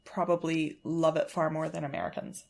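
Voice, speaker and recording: A woman co-hosting a casual podcast, animated and sarcastic, swearing freely as she riffs. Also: low-pitched, a little fast, creaky. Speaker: podcast co-host. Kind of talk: casual chat.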